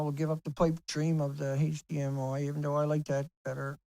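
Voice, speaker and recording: Furious creaky-voiced man ranting. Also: on the high side, monotone, brisk, mellow, dry recording, poor audio. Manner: heated, profane, repetitive. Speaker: video blogger. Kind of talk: angry ranting monologue to camera.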